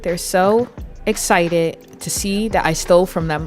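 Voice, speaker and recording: A woman's voice: fairly low pitch, a little slow, a little mellow, faint music behind. A woman in her twenties giving chatty, giggly live commentary as she plays a game and talks to her viewers. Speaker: game streamer. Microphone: desk mic.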